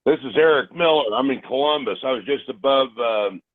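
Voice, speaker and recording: A man's voice: medium pitch, brisk, no echo. Man caller, plain conversational, tinny phone line, dry. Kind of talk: casual phone call.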